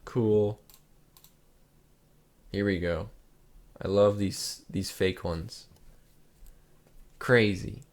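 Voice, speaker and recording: Rambling laid-back young man, low voice. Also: very slow, long pauses. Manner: relaxed, rambling, lots of "like" fillers. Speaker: channel host. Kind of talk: casual reaction commentary.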